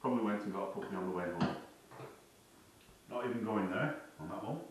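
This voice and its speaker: A man explaining dog training in a plain, unhurried way as he works with his dog. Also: on the low side, background noise. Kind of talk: casual training demonstration. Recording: roomy, distant camera mic.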